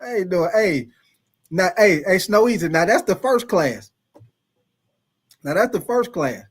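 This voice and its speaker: A livestream host with a high, husky voice speaks at a measured pace. He casually tells a profane story to his chat, laughing often and calling out viewers by name, all in an animated manner.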